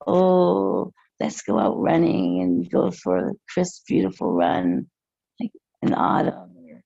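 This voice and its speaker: A woman speaking as a podcast guest, slow and reflective, with hesitant pauses. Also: on the low side, vocal fry, mellow, breathy edge, no room sound. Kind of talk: casual interview chat. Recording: dull muffled lo-fi sound.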